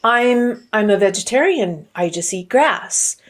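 A woman's voice: mid-range voice, lively intonation, unhurried, natural voice. A woman voicing a young tiger cub in a spoken fable, puzzled and protesting.

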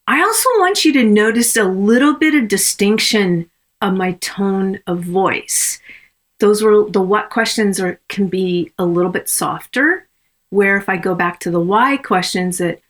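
A woman coach and consultant teaching in a podcast episode, speaking in a measured, reflective way with frequent ums. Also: mid-range voice, animated, a bit bright.

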